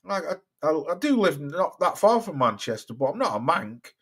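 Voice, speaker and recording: A man's voice: on the high side, big pitch swings, normal speed, slightly rough. A man with a mixed Cheshire and Staffordshire accent hosting a boxing livestream, chatting casually with viewers, rambling and swearing often. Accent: mixed Cheshire and Staffordshire English. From Cheshire, England. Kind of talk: casual live-stream chat reading viewer comments.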